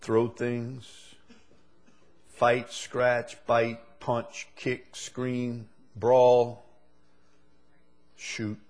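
A man's voice: medium pitch, monotone, extremely slow, pauses often, soft background music. A male preacher giving a sermon, asking the same question again and again and building to emphatic peaks.

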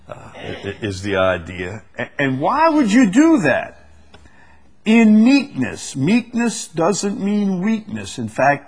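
A man leading a conversational Bible study, reading verses slowly and with weight, then explaining them with easy laughs. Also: mid-range voice. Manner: animated, stresses quoted verses slowly, laughs often. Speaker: Bible teacher.

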